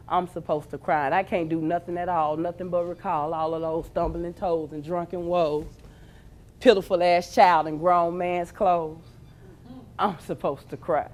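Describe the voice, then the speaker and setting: Woman, thirties, Memphis Southern accent; spoken-word poet, intense delivery, hushed lows and shouted highs. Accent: Memphis Southern American. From Memphis, Tennessee. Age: 30s. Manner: intense, swinging from hushed low lines to shouted peaks. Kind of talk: spoken-word poetry performance.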